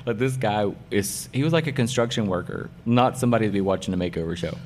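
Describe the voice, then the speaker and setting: A middle-aged man with a very low voice talks about his work as a hairdresser in a casual interview. He is emphatic and excited, repeating key phrases for effect. A faint hum of background noise sits under him. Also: quick pace. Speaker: hairdresser and salon owner, guest.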